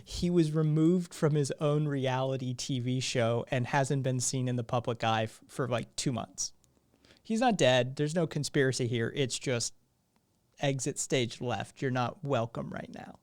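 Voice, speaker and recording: Hoarse man hosting a live stream. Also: medium pitch, unhurried. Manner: rambling, sardonic, swears freely. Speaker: live-stream show host. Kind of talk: casual live-stream commentary.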